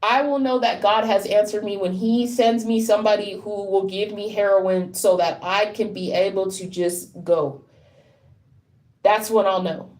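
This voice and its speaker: A woman in deep distress, speaking bluntly and profanely in an unscripted monologue to camera, often stopping to repeat herself. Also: fairly even intonation, unhurried, darkish tone. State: deeply distressed. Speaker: vlogger.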